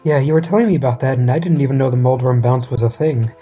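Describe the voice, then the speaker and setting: A man being interviewed after a race, relaxed and easygoing, a bit hesitant. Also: mid-range voice, fast talker, soft background music. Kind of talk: casual post-race interview.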